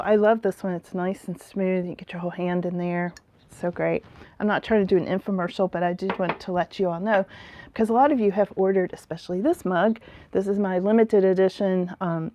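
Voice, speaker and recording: A woman's voice: mid-range voice, a little mellow, no room sound. A woman hosting a live tarot stream outdoors in the mountains. She chats casually, laughs often and greets viewers by name.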